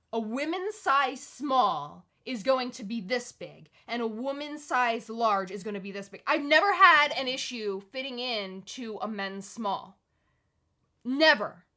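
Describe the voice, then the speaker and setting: A woman's voice: medium pitch, bright, forceful tone. A woman co-hosting a live podcast stream, talking casually in an earnest, reflective way with many restarts and fillers. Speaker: podcast co-host.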